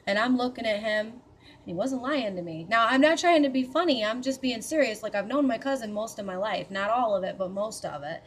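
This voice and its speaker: A woman's voice: a little high, brisk. A woman casually recounting a spooky personal experience, chatty and profane, with a matter-of-fact, mildly skeptical tone. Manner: chatty and profane, with many fillers and asides. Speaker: storyteller recounting a paranormal experience. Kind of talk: casual spoken storytelling.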